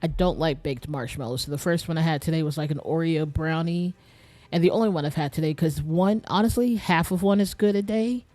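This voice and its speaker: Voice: medium pitch, a little fast, a little mellow. Young streamer rambling to chat between game bits, kinda tired, bit out of breath. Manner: rambling, talks straight to chat. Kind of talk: casual live-stream chat while playing a game.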